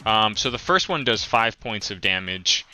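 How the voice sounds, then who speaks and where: A man's voice: lowish voice, expressive, normal speed, bright, forceful tone. A man running a tabletop game as dungeon master, narrating with many ums and uhs.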